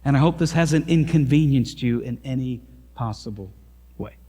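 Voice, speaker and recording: A man voicing a brisk female nurse in a sermon story, speaking in a quick, apologetic way. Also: mid-range voice, dark tone, slightly rough, long reverb tail, close to an everyday voice.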